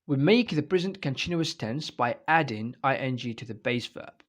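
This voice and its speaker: A man's voice: mid-range voice, expressive, normal speed. A man giving an online English grammar lecture, explaining step by step and checking in often with "okay?" and "right?". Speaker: English teacher.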